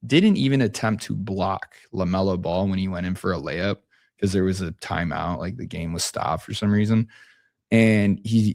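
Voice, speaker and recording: A young man with a very low, deep voice talks in a laid-back, easygoing way. His speech rambles and keeps restarting mid-sentence, like casual podcast chat. The sound is dry and close, with no room in it. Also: a little mellow, no echo. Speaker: basketball coach guest.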